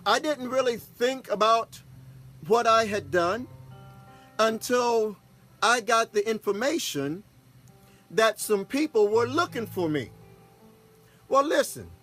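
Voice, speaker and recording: A Texan pastor and broadcast host relates a personal story slowly, pausing often, in a very high voice that's a bit bright and has lively intonation. Soft background music plays. His manner is folksy and casual, with frequent "okay?" check-ins to the audience.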